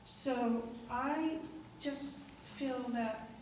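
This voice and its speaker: A woman's voice: on the high side, very slow, darkish tone. Hesitant woman speaking up at a town meeting. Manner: earnest, hesitant, with fillers and restarts. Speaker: resident speaking at public meeting. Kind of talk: public comment at town meeting. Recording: echoey hall from far off, noisy.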